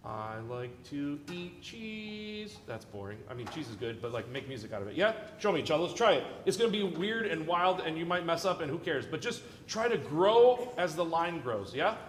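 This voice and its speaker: Man, orchestra conductor, playful and encouraging, animated pitch, echoey hall with long reverb, faint music. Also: brisk, hardly any pauses, a little hiss or hum. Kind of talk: rehearsal coaching. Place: large concert hall.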